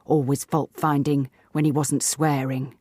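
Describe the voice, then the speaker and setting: A woman playing a sharp, unflappable old lady. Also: very deep voice, unhurried, no echo, clean studio sound. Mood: firm. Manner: calm, firm, prim.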